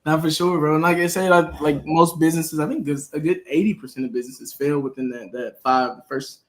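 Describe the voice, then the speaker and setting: A man's voice: fairly high pitch, steady tone, fairly quick. A man speaking as a podcast guest, laid-back and reflective, laughing easily. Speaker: guest, media company co-founder. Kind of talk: casual podcast conversation.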